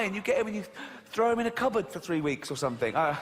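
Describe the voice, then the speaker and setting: A man's voice: sits high, animated, fast talker, fairly bright tone, a little hiss or hum. A man ranting through a stand-up routine, exaggerated and sweary, recorded in an echoey live hall. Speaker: stand-up comedian.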